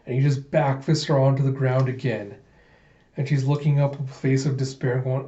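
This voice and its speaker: A man's voice: medium pitch, little pitch movement, normal speed, mellow, roomy sound, lo-fi sound. Chatty man recapping a comic. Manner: loose, chatty, with sound effects. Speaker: comic readthrough host. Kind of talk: casual comic recap narration.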